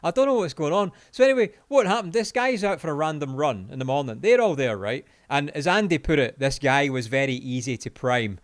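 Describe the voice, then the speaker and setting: A Scottish man in his forties, a podcast co-host telling a long anecdote in casual chat, animated and sweary, laughing as he goes. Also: on the high side, fairly quick, hardly any pauses, no echo, clean studio sound. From Scotland.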